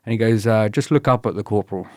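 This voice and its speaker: A fairly low-pitched man with a British accent talks through his stories in a relaxed, easygoing way. He often slips into livelier voices when quoting other people. The sound is dry and close, with no room echo. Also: fast. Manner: laid-back, laughs often, quotes others in lively bursts. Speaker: podcast guest, former paratrooper. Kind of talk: casual storytelling interview.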